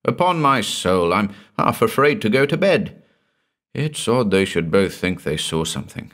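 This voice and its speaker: A man's voice: deep voice, lively intonation, normal speed. A man voicing a stout, hearty male commercial traveller with a blustering manner. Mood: uneasy.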